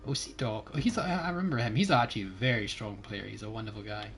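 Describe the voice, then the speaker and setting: A young Scottish man chatting casually while streaming a game, jokey and talkative, often trailing off quietly. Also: lowish voice, fast talker, faint music behind. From Scotland. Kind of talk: casual gaming chat.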